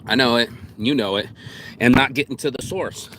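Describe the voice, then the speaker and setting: A man's voice: medium pitch, normal speed, noisy background. Rambling, profane man talking outdoors. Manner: rambling, profane, uses "bro" often. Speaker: vlogger. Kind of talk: casual monologue to camera. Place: outdoors in public.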